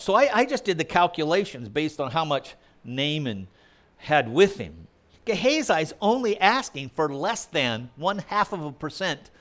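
Animated male preacher with a lively voice. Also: fairly high pitch. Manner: conversational, asks the congregation questions. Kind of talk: sermon.

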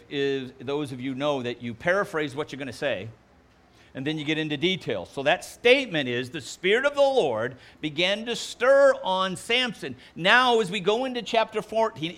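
A man preaching a sermon, delivering jokes in an animated, playful way before reading scripture. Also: on the high side. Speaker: pastor.

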